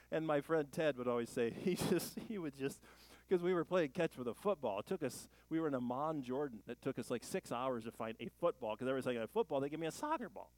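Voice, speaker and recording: A man preaching a relaxed, conversational sermon as a pastor, with folksy jokes and rambling asides. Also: medium pitch, a little fast, no echo, low-quality recording.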